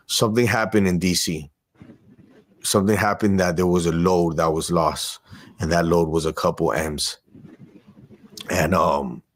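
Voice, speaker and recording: A man as an interview guest, telling a story in casual street slang and acting out the dialogue. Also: low-pitched. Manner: animated storyteller who acts out quoted dialogue; street slang, loose and profane.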